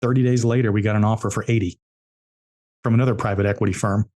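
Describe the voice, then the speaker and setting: Low-voiced man telling business stories. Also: fairly even intonation, fast, darkish tone. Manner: emphatic, repeats key points. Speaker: entrepreneur guest. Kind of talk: storytelling interview answers.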